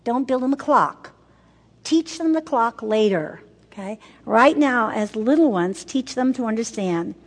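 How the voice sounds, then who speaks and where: Unhurried and expressive, with a voice on the high side, an older woman from women's ministry teaches a group of mothers. She repeats words for emphasis, speaks forcefully and turns questions to the audience. The hall reverb is long.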